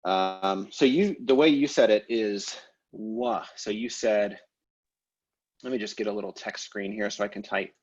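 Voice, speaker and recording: Low-voiced man teaching an online class. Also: unhurried, dull audio. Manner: relaxed, explanatory, frequent fillers and restarts. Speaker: language teacher. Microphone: video call.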